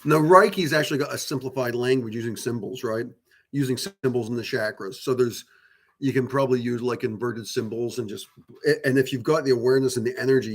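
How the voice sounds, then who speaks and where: A man's voice: medium pitch, husky. A man hosting a channel, talking casually and at length to viewers about spiritual topics, rambling with many fillers, restarts and casual swearing. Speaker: channel host.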